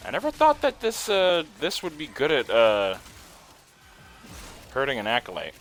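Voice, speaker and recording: A young man giving casual, excitable commentary while playing a video game, laughing often and swearing now and then. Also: medium pitch, moderate pace, faint music behind. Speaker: gaming streamer.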